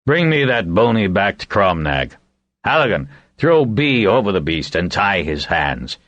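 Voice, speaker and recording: A man voicing a blustering gruff lord barking orders. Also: deep voice, sing-song, measured pace, fairly bright tone, no room sound, dull audio, voice pushed up, exaggerated voice. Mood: commanding. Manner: barks orders, blustering and indignant. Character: gruff, commanding middle-aged male lord holder.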